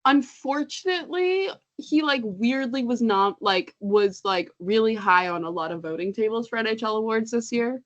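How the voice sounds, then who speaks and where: A woman's voice: a little high, normal speed, hardly any pauses, a bit bright, muffled recording. A woman co-hosting a casual podcast, chatty and laughing often, stumbling over names as she reads them out. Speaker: podcast co-host. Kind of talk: casual chat.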